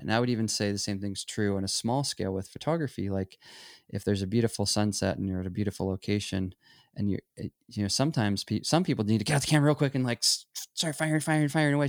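Gravelly low-voiced man musing about creativity. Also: fast talker, dry recording, clean studio sound. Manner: reflective, rambling with restarts, acts out quoted voices. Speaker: photography teacher. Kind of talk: casual conversation.

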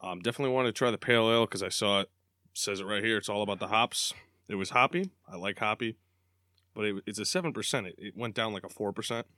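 A man's voice: on the low side, fast talker, pushed and bright, no room sound, clean studio sound. A man co-hosting a casual sports podcast, chatty and full of wisecracks. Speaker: podcast co-host.

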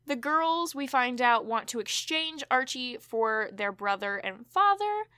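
Woman, podcast co-host, chatty and rambling, bright, dry close sound. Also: a little high, expressive, smooth, no room sound. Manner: chatty, quick asides, lots of fillers. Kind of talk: casual chat recapping a TV episode.

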